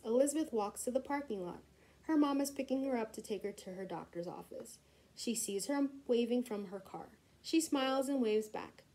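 A woman reading a children's storybook aloud in a gentle, expressive way. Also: a little high, low-quality recording. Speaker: reader.

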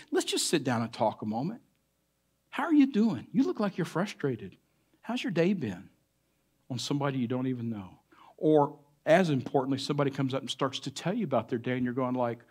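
A man giving a sermon as a church pastor, earnest, with deliberate pauses and shifting loudness for emphasis. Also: mid-range voice.

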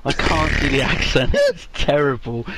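Podcast co-host, man from England, deadpan, mock-serious, swears freely. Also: medium pitch, moderate pace, very noisy. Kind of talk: casual comedy chat.

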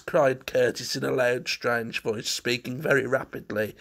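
A man reading a ghost story aloud as narrator in a measured, expressive way. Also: medium pitch, gravelly.

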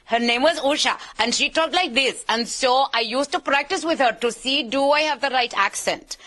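A woman's voice: high voice, normal speed, pushed and bright, voice pushed up. A woman voicing a cheerful woman colleague with an Indian English accent, speaking in a lilting, sing-song way. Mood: playful.

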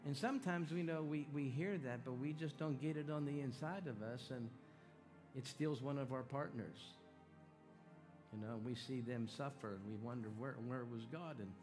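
A man's voice: medium pitch, moderate pace. A man preaching at a church healing meeting, folksy and exhorting, calling out to the crowd. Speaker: evangelist leading a healing meeting. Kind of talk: sermon with audience call-and-response. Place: church sanctuary with worship music. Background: music playing.

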